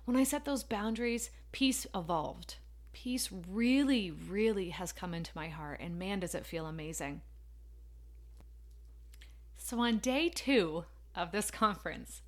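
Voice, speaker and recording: Female podcast host, fairly high voice, emotional and emphatic motivational storyteller.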